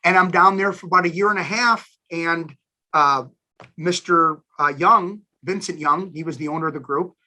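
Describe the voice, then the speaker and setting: A man in his fifties, a station manager and alumni guest, telling career stories in a chatty, animated interview. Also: on the high side, normal speed. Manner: animated, chatty storyteller who addresses listeners as guys. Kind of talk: casual storytelling interview.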